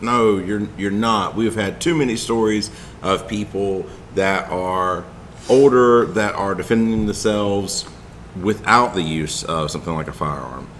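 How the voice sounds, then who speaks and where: Male podcast host and self-defense instructor, slightly low voice, easygoing, laughs a lot. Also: measured pace, fairly bright tone, slight background noise. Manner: easygoing, laughs often, with restarts. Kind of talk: casual podcast chat.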